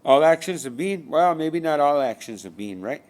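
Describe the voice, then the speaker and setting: A fairly high-pitched man with a darkish tone and lively intonation speaks at a normal speed. He's a spiritual speaker whose meandering monologue is profane and full of repeated rhetorical questions.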